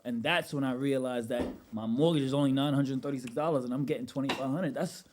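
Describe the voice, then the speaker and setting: Animated Brooklyn man telling stories. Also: mid-range voice, quick pace, a little hiss or hum. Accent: New York. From Brooklyn, New York. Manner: animated storyteller, street slang, frequent "you know what I'm saying". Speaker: podcast guest, rental business owner. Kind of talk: casual podcast conversation.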